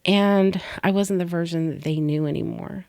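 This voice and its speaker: Middle-aged woman, gravelly voice, low pitch, candid personal storytelling, dry close sound. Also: steady tone, moderate pace, dry recording. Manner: candid, soft-spoken, drops to whispers on painful moments. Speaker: podcast co-host.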